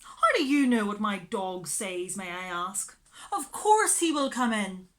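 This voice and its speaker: A woman voicing a fussy, haughty lady who dotes on her dog, talking in a shrill, tearful wail in a storybook reading. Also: sing-song, measured pace.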